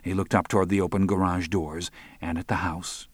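A man narrating a crime audiobook in an even, measured way. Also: low-pitched, dry recording.

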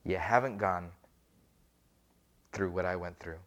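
A pastor voicing God as a calm, gently chiding father figure, soft and low. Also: a little slow, highs cut off, slight background noise.

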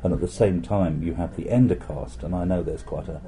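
A man interviewing a guest in a casual conversation over a meal, relaxed and joking. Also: deep voice, brisk. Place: busy restaurant. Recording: crowded restaurant chatter behind.

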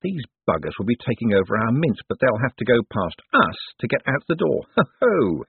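A man voicing a sly, menacing male foreman who savors each word slowly. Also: mid-range voice, sing-song, slightly rough, no echo, voice pushed up, heavily acted. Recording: tinny lo-fi audiobook recording.

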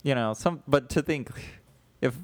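A man's voice: medium pitch, unhurried, no room sound. A man co-hosting a casual comedy podcast, riffing playfully and animatedly. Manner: playful, animated, riffs with jokes. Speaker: podcast co-host.

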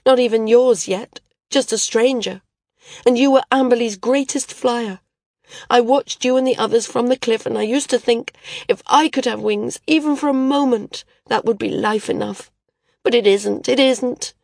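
A woman's voice: on the high side, normal speed, gravelly, darkish tone, dry recording, studio quality, voice pushed up. A woman voicing a desperate, stubborn young woman who pleads on the edge of hysteria. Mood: pleading.

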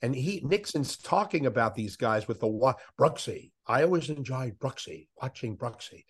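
A man who grew up in Miami Beach, a veteran sports interviewer telling animated anecdotes in a casual talk. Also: mid-range voice, normal speed, breathy edge. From Miami Beach, USA. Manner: animated anecdotes with quoted voices. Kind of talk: casual podcast storytelling.

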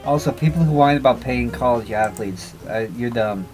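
A man's voice: mid-range voice, moderate pace, darkish tone, soft background music, poor audio. Rambling casual male podcast co-host. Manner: rambling, thinks aloud while searching online. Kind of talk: casual chat.

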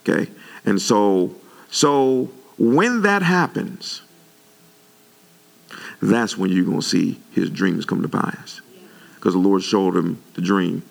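A male pastor delivers a sermon to his congregation in a low, very gravelly, rough-edged voice. He speaks unhurriedly but with animation, his pitch jumping up when he gets worked up.

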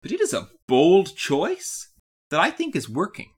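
A woman co-hosting a podcast, chatting casually about a cartoon series, animated and laughing often. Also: on the low side, unhurried, slightly rough. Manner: animated, laughs often, puts on silly voices. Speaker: podcast co-host.

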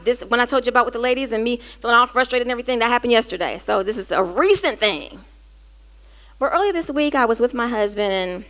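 High-voiced earnest woman sharing a story. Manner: earnest, conversational, rising to animated quoted dialogue. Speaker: host. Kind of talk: candid personal storytelling.

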